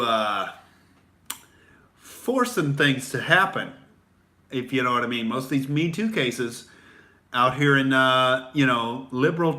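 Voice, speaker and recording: Bright-voiced ranting man. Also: medium pitch. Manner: profane, rambling, sarcastic rant with fillers. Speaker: comedian host. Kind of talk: ranting livestream commentary.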